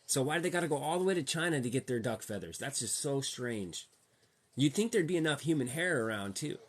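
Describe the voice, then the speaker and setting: A man's voice: mid-range voice, expressive, a little fast, breathy edge. Slangy man ranting to camera. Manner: slangy, profane, heated and repetitive. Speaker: vlogger. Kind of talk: casual ranting monologue.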